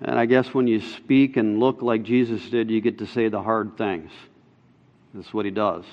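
A man's voice: fairly low pitch, fairly even intonation, moderate pace, lo-fi sound. A man preaching a sermon as pastor, emphatic, repeating his key lines for emphasis. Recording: long reverb of a large hall.

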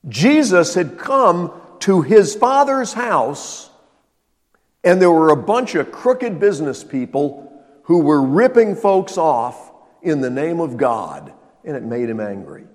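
A man preaching a sermon as pastor, emphatic and swinging between loud stresses and quiet asides. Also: a little high, very animated, unhurried. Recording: long reverb of a large hall.

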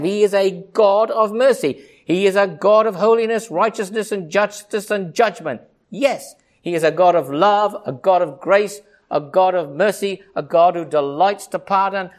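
Impassioned preacher man, higher voice. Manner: impassioned, swings from hushed low asides to high ringing emphasis; repetitive, rhythmic lists of phrases. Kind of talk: sermon.

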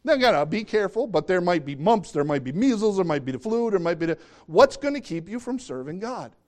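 A man preaching a sermon as pastor, talking conversationally and jumping into excited, high bursts. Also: quick pace.

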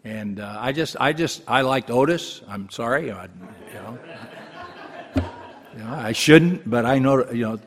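An older man in his seventies preaches in a loose, joking way, often stopping to restart his sentences. His voice sits at an ordinary pitch, and a long reverb hangs behind every phrase, as in a big church sanctuary. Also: animated, a little slow, husky. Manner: rambling, humorous, restarts often. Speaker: pastor. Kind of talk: folksy sermon.

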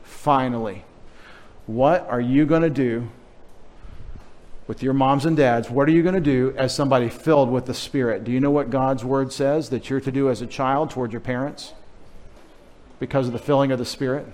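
A man's voice: mid-range voice, normal speed, darkish tone. Playful middle-aged man preaching. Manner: playful, teasing, addressing children in the congregation. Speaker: pastor. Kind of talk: sermon.

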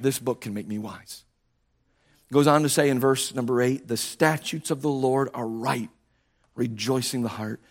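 A male preacher delivering a sermon, emphatic and repetitive, swinging from near-shouts to low, quiet stretches, his voice starting to go hoarse. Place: church sanctuary.

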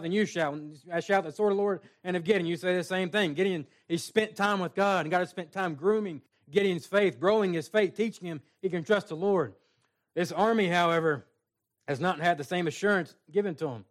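A male pastor preaching a sermon, reading scripture and adding folksy asides. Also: high voice.

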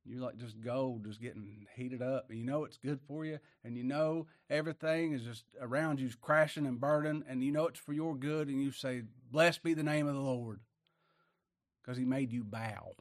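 A man preaching a sermon, swinging from quiet asides to loud emphatic bursts, with folksy talk and chuckles. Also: mid-range voice, fairly even intonation, moderate pace, dry recording, studio quality.

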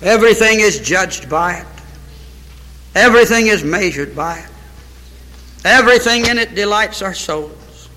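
Male pastor, fervent sermon delivery, bright tense voice, slightly raised pitch, long hall reverb. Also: animated, measured pace, long pauses. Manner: fervent storytelling preacher, acts out dialogue. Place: church sanctuary.

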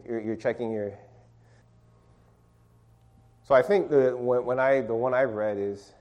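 A man's voice: medium pitch, steady tone, moderate pace, dull audio. A middle-aged man leading an informal sermon and Bible study, calling on listeners to read verses aloud and talking with many restarts.

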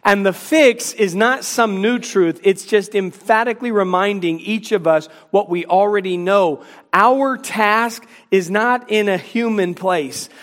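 Pastor type, male, high and insistent voice, punchy sermon delivery. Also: a little slow, fairly bright tone, in a large hall. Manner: emphatic, acts out scripture dialogue.

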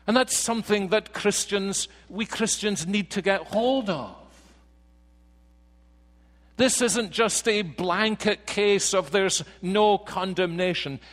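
A man preaching a sermon to a congregation, slow and emphatic, dropping quiet then rising with force. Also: sits high. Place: church sanctuary. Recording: reverberant church hall.

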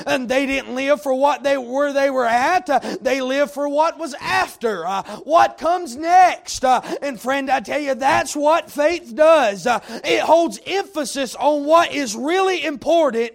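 A male preacher delivering a sermon, full of "uh" fillers and building to shouted points. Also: very high-pitched, vocal fry. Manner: heavy "uh" fillers, rising to shouts.

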